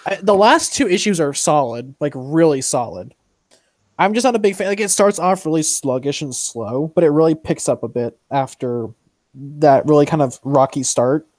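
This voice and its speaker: A young man hosts a loose, casual stream, his voice sitting a little high. He rambles, swears freely and leans on fillers. The sound is dry, with no room echo around it. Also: expressive, moderate pace, darkish tone. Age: young adult. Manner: profane, rambling, full of fillers. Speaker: stream host. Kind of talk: casual chat.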